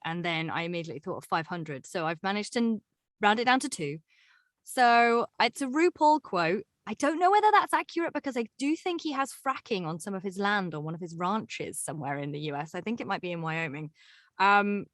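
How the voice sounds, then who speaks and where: A woman's voice: mid-range voice, sing-song, fairly quick, fairly bright tone, no echo, clean studio sound. A bubbly, chatty woman with an English accent from England, a guest on a podcast talking casually. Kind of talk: casual interview chat. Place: home in East London.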